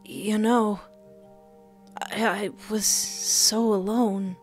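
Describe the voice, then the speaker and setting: A woman voicing a lonely, gentle young man who is wounded and dying, speaking softly and haltingly. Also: mid-range voice, steady tone, faint music behind. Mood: weak, fading. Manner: soft, breathless, halting and pleading.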